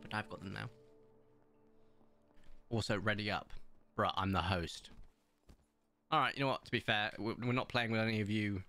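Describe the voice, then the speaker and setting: A man's voice: on the low side, steady tone, moderate pace, long pauses, bright, forceful tone, faint music behind. A man, hosting community games on a live stream and chatting casually in a rambling, anecdotal way. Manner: rambling and anecdotal, with many fillers.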